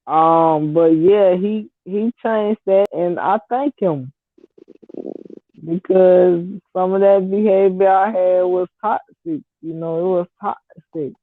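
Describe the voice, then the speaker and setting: A woman's voice: fairly low pitch, slow, no echo. A woman in her thirties from Detroit with a Detroit accent touched by the Southern US, telling a story in a blunt, laid-back casual way. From Detroit, Michigan. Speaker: vlogger. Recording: dry, tinny phone-like audio.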